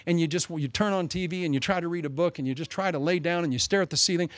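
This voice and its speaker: Male pastor, lively storyteller, slightly high voice, dry close recording. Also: fast, dry recording. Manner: animated storytelling with humorous asides. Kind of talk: sermon.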